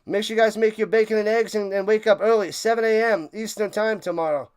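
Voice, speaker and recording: Male stream host, high clear voice, excitable and rambling, slightly winded. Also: fast. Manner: excited, rambling, repeats himself. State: out of breath. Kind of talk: casual sign-off chat to live stream viewers.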